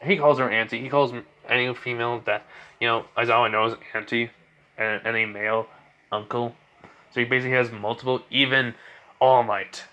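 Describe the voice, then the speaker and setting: A man narrates an improvised fan story in a loose, rambling way, leaning on fillers and restarting his sentences. His voice sits at an ordinary middle pitch for a man, and his casual, unscripted delivery sounds homemade. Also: fairly even intonation, brisk, pushed and bright.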